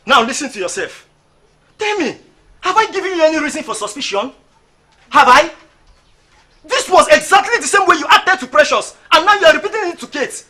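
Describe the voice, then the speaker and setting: Exasperated husband, Nigerian accent, very high, bright lively voice, faint music behind. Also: male voice, brisk, long pauses, exaggerated voice. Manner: calming, pleading, exasperated. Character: patient exasperated husband, middle-aged man. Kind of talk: Nollywood film acting.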